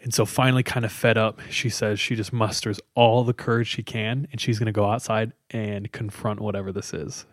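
A man's voice: lowish voice, little pitch movement, brisk, few pauses, no echo, studio quality. A man casually retelling a scary story to friends, chatty and loose, with lots of fillers. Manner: conversational, loose with many fillers.

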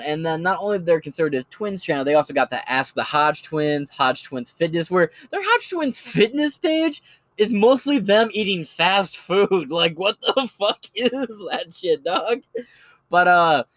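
A man's voice: fairly high pitch, a bit bright, no echo. A man hosting a podcast, giving casual, rambling commentary that is loose, joking and full of swearing.

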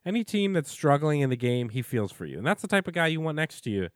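A man's voice: a little high, very animated, quick pace, no room sound, clean studio sound. A man co-hosting a podcast in casual chat, giving wry, joking reactions. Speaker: podcast co-host.

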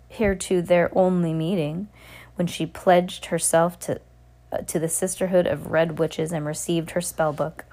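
A woman narrating an audiobook in a steady reading voice with small restarts. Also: on the low side.

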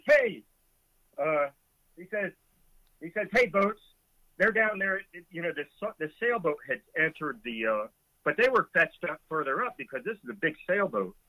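A man's voice: fairly high pitch, pushed and bright, no room sound, rough recording. A middle-aged man, a former Coast Guard boatswain's mate, vividly retelling a rescue with chuckles as a guest in a conversation. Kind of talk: storytelling in a conversation.

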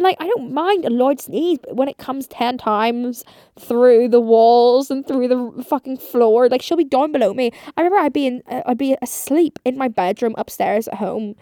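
A woman's voice: fairly high pitch, dark tone, no room sound, clean studio sound. A woman in her twenties hosting a casual solo podcast, rambling and chatty, swearing often and saying "like" constantly. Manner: rambling, chatty, swears a lot, heavy use of like. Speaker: podcast host.

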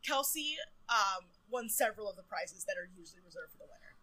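A woman's voice: mid-range voice, lively intonation, fast, bright, forceful tone, poor audio. A woman casually retelling a TV moment to a friend, chatty and swearing now and then. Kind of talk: casual chat recapping a TV moment.

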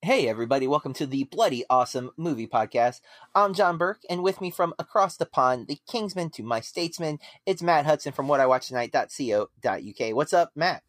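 A man's voice: on the high side, lively intonation, brisk, dry recording. Man hosting a casual podcast. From United States. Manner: rambling, with many fillers and restarts. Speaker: podcast host. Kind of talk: casual chat.

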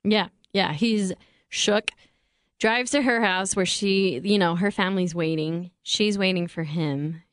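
A woman's voice: medium pitch, unhurried, no echo, studio quality. A woman co-hosting a podcast, casually recapping a reality show and giving her opinions on it. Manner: opinionated, narrates events step by step. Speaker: podcast co-host, writer.

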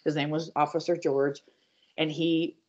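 A woman's voice: low voice, little pitch movement, darkish tone. Woman telling her story, dull lo-fi audio. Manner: earnest, halting, addresses listeners directly. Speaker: podcast guest. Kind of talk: personal testimony storytelling.

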